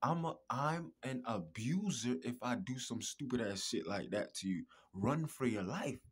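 A man talking in a casual podcast monologue, emphatic, repetitive and profane, with a husky voice. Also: medium pitch, expressive, a little slow. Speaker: podcast host.

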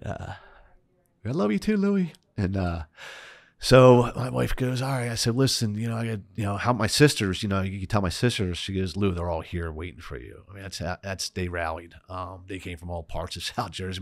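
A middle-aged man, a podcast guest, retelling a personal story with lively quoted voices. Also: low voice.

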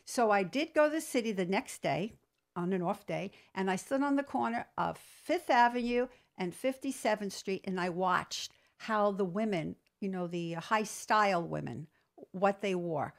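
A woman entrepreneur telling stories in an interview, lively, acting out quoted dialogue. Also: medium pitch, normal speed, creaky. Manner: animated storyteller, acts out quoted dialogue. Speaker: entrepreneur guest; business trainer. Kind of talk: storytelling interview.

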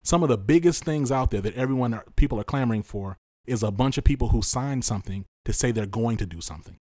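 A man hosting a solo podcast, talking with passion and frustration, repeating his points for emphasis and swinging between loud stress and tired, quiet drops. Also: mid-range voice, animated, quick pace, no room sound, studio quality. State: exhausted and frustrated. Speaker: podcast host.

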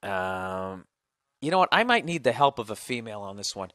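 A man hosting a low-budget podcast, reading listener letters aloud with rambling, profane, wry asides. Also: sing-song, normal speed, bright, forceful tone, no room sound. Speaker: podcast host. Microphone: single podcast microphone. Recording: dry close-miked sound.

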